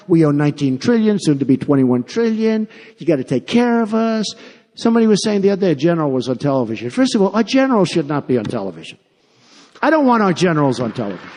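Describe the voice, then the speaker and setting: A man giving a campaign rally speech. He talks off the cuff, repeats himself and boasts. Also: high-pitched. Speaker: political candidate. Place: large rally venue. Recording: long arena reverb.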